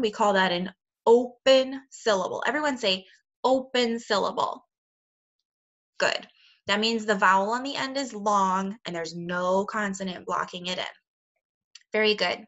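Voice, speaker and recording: A woman teaching young children a phonics lesson, speaking slowly and clearly with encouraging praise. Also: medium pitch, a bit bright. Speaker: second grade teacher. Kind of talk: recorded remote phonics lesson.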